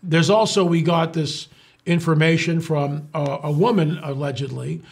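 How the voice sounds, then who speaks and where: Man, show host, sarcastic monologue, husky, somewhat higher voice. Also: fairly even intonation, moderate pace. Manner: incredulous, sarcastic, many fillers and restarts. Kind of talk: casual commentary monologue.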